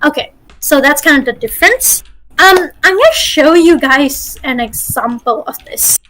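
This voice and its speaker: Chatty lady dm running an online voice workshop, kinda high voice, lots of likes and ums. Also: expressive, moderate pace, sharp tone, a little hiss or hum, poor audio. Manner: chatty, full of fillers and restarts. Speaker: game master teaching a voice acting workshop. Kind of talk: casual online workshop teaching.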